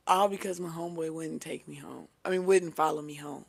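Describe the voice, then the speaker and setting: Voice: medium pitch, steady tone, moderate pace, gravelly, pauses often, fairly bright tone, slightly rough. A tarot reader telling a personal story in a casual, chatty way, swearing freely, laughing often and leaning on fillers. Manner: chatty, profane, filler-heavy.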